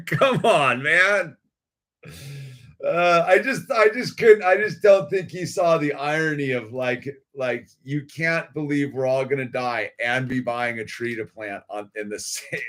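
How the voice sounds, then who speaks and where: A man's voice: medium pitch, a bit bright. Laid-back man, dude-heavy slang. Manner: laid-back surfer slang, says dude and man constantly, laughs often. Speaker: video creator. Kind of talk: rambling casual storytelling.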